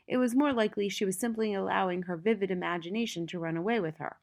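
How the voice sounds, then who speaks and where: A woman narrating a children's story aloud, expressive and building intensity at dramatic moments. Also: medium pitch, fast talker, hardly any pauses. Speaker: audiobook narrator.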